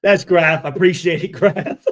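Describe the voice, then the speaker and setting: A man's voice: a little high, normal speed. A man reading and reacting to viewer comments, cursing freely, stuttering and restarting his sentences. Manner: profane, animated, repeats himself.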